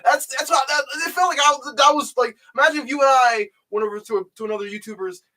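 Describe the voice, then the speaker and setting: A young man with a high, bright voice rambles through a story, packing every sentence with "like" and "you know". He sits a little back from the mic, so his voice sounds slightly distant. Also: fast talker. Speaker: YouTube host. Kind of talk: casual chat, retelling a video. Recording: voice a bit off the mic.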